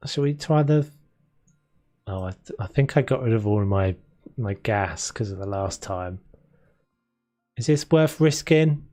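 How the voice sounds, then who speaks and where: In casual gameplay commentary, a young man streams a renovation game and chats loosely with his viewers, rambling, talking to chat and laughing often. His low-leaning, mellow voice has lively intonation and a measured pace with long pauses, and faint game music plays in the background.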